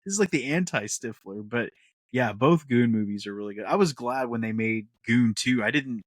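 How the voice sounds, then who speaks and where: A man hosting a podcast in casual chat, animated, laughing often and acting out quotes. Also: mid-range voice, normal speed, no echo, studio quality. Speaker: podcast host.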